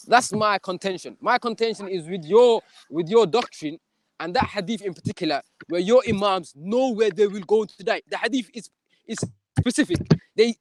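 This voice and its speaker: A young man argues a point fast, in clipped street slang. His voice sits high and dry, close up with no room around it. He keeps checking in with "you feel me" as he pushes on. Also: dry recording. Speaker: debater. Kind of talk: heated live debate.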